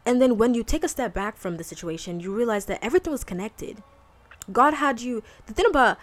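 Woman podcast host, mid-pitched, chatty and candid, faith talk. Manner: candid, conversational, colloquial with frequent fillers.

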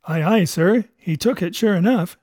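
A man voicing a rough common pirate sailor with coarse dialect. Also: high voice, normal speed, a little mellow, dry recording, clean studio sound. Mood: eager.

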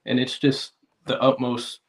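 A man's voice: medium pitch, completely flat delivery, measured pace. A man with an American accent, a guest on a podcast, speaking in a laid-back, reflective way. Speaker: podcast guest, car detailer. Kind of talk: casual podcast interview.

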